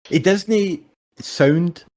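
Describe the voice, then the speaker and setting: Drawing out his words with huge pitch swings, this young Scottish man's voice sits high. He's co-hosting a laid-back sports chat about fights, cursing freely and telling stories animatedly.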